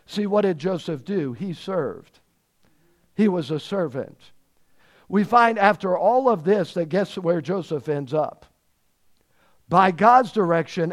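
A man preaching a sermon, emphatic, repeating words and asking rhetorical questions of his listeners. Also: on the high side.

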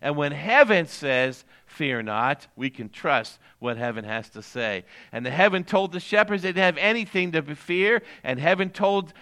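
A man's voice: high-pitched, pushed and bright. An older man, a pastor giving a conversational sermon, repeating key lines and putting questions to his congregation.

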